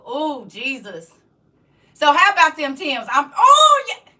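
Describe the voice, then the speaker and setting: High, bright-voiced woman teasing her chat. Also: wildly swooping pitch, takes it slowly. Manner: playful teasing, laughs often. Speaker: livestream host reading chat. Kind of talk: casual live chat. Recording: distant from the mic.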